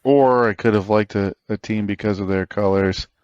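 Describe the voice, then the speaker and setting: A man from Northeast Ohio with a lowish voice banters on a sports podcast. His delivery is wry and casual, tossing off quick jokes. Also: fairly even intonation, a little mellow, smooth, no room sound, highs cut off. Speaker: podcast co-host.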